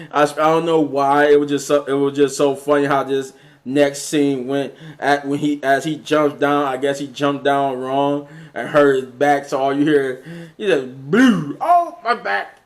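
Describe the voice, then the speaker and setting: A man's voice: medium pitch, flat delivery, a little slow. A man casually recapping a movie scene by scene, rambling with many fillers and restarts. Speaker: movie reviewer.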